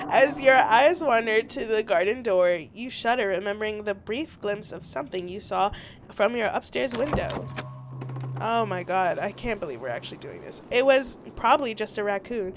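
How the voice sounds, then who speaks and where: A woman's voice: mid-range voice, moderate pace, noisy background. Giggly young woman gamer. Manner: giggly, animated, reads choices aloud. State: a little sick. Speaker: game streamer. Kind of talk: casual gameplay commentary.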